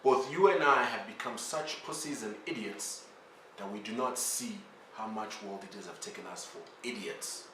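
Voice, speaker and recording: A man's voice: lowish voice, normal speed, fairly bright tone, distant mic, a little hiss or hum. A man from South Africa hosting his own vlog, ranting bluntly and swearing as he pleads with the people he calls out. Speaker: vlog host. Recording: echoey room, voice a little off-mic.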